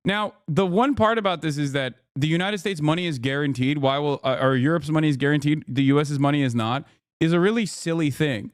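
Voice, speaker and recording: A man's voice: fairly high pitch, lively intonation, brisk, clear, resonant tone, dry recording, clean studio sound. A man in his thirties giving casual, sarcastic live-stream commentary on the news, mocking and rambling.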